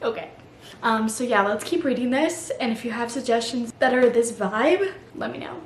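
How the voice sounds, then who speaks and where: High-voiced gushing young woman vlogger. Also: moderate pace. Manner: gushing, animated, slangy. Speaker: book vlogger. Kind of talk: casual vlog chat. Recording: echoey room with faint ambience.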